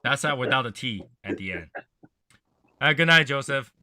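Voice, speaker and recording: Rambling man with a bright, sharp voice. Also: medium pitch, lively intonation, normal speed. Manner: rambling, gloomy, swears casually. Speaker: livestream host. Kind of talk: casual livestream chat.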